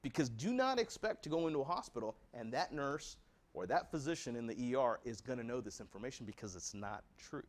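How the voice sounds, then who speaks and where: A man with an American accent gives a patient education talk, mid-pitched and direct. He presses his points with rhetorical questions, earnest and practical, speaking straight to the families in front of him. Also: animated, fairly quick.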